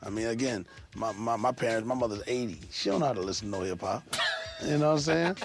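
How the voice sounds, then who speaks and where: Gravelly middle-aged hip hop DJ. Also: male voice, medium pitch, fast, soft background music. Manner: emphatic and streetwise, acts out sounds. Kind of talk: animated interview explanation.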